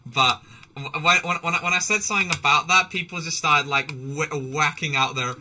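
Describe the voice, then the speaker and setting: A man's voice: on the high side, normal speed, bright, forceful tone, slight background noise. A man streaming live while playing a game, chatting in a rambling way with restarts, swearing and laughter. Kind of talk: casual live-stream chat while gaming.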